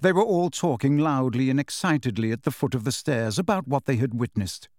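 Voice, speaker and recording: A man narrating a story in a measured storytelling manner. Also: mid-range voice, expressive, darkish tone, dry recording, clean studio sound. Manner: measured storytelling with shifting character voices. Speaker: audiobook narrator. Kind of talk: scripted narration.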